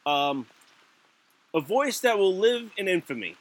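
A man's voice: high voice, sing-song, a little slow, a bit bright, slightly rough. A man co-hosting a casual podcast chat, rambling with lots of fillers and fits of giggles. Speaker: podcast co-host.

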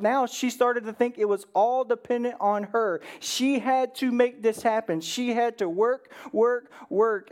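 A pastor with a mid-range voice delivers a relaxed, conversational sermon in an earnest, direct manner. The speaker keeps asking "right?" and briefly takes on the voices of Bible figures to act out their lines.

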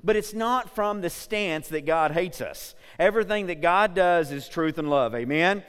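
A man preaching to a congregation with a fast, energetic delivery and a smooth, resonant, slightly high voice. He speaks in a large church hall, and a long reverb follows his words. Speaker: pastor. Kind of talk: sermon. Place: church sanctuary.

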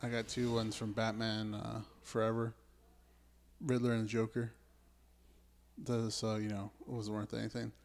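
A man in casual chat as co-host, joking and crude, full of quick asides. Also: on the low side, little pitch movement, a little mellow.

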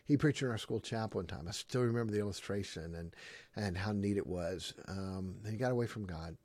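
A male pastor giving a sermon, repeating key phrases with emphasis, swinging from loud to hushed and pausing on ums and uhs. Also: fairly low pitch, dry recording.

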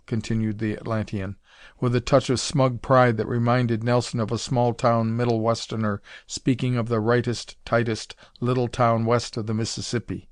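A man narrating a pulp adventure story in a measured, dramatic reading. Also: medium pitch, flat delivery, no room sound, studio quality. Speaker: audiobook narrator.

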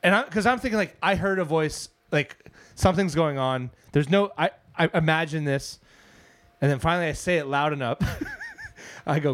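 A young man with a slightly high voice tells a rambling story in loose podcast chat, laughing between lines. The sound is close and dry, with no room around it. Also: moderate pace, no room sound. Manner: animated storyteller, laughs often. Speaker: podcast co-host. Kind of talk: casual chat.

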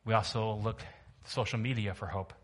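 A man's voice: lowish voice, steady tone, brisk. A man preaching a sermon to his church, talking in a loose, humorous way and putting questions to the congregation. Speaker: pastor.

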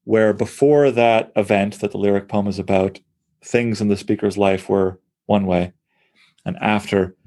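A male poet talks through poems in an enthusiastic, thinking-aloud way, giving a conversational close reading of poetry. His voice sits on the low side with a darkish tone.

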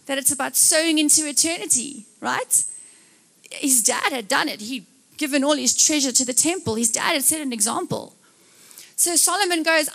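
A woman's voice: high voice, gravelly. A young South African woman preaching a live sermon, telling stories with jokey asides and acting out voices. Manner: animated storytelling, acts out voices, jokey asides.

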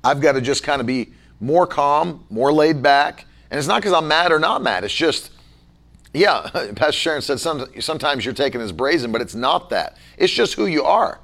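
A man leading a casual Bible-study chat as pastor, talking forcefully and emphatically. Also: a little high, expressive, normal speed.

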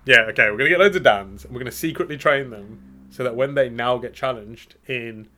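Casting: male co-host, bright tone, playful banter. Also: mid-range voice, brisk. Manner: joking, playful banter with frequent laughs. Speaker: podcast co-host. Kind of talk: casual chat.

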